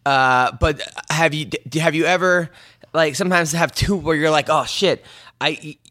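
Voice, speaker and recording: A man's voice: a little high, moderate pace, bright, forceful tone. A man hosting a casual interview, joking in a brash and crude way.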